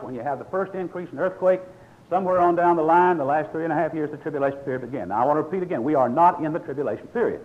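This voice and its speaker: A man's voice: fairly high pitch, phone-quality sound. Folksy older man preaching a sermon. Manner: folksy storytelling with scripture reading.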